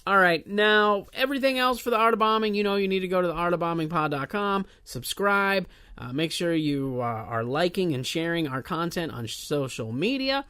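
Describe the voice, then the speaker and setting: A man hosting a comedy podcast, running through announcements in a loose, rambling way. His voice sits a little above the usual male pitch, and he fills the gaps with plenty of uhs. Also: expressive, moderate pace, hardly any pauses, bright, forceful tone, clear, resonant tone. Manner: casual, rambling, many filler uhs. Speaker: podcast host. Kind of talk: solo podcast intro announcements.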